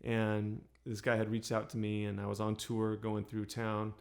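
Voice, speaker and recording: A singer-songwriter chatting in a relaxed, unhurried way, with many pauses and fillers. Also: male voice, fairly low pitch, gravelly. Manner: soft, unhurried, with many ums and restarts. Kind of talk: relaxed storytelling between songs.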